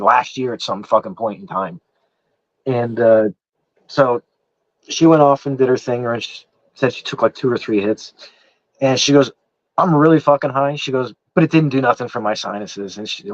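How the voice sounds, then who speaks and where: In a mid-range voice, a man with an East Coast accent meanders through a long story during casual chat, full of profanity and constant "I said" restarts. The audio has no echo but sounds dull, muffled and lo-fi.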